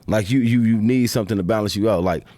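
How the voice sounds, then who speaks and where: Podcast guest, male, lower voice, loose rambling delivery, dry sound. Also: quick pace, warm tone, dry recording. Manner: rambling, repeats "you know what I'm saying". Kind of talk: casual chat.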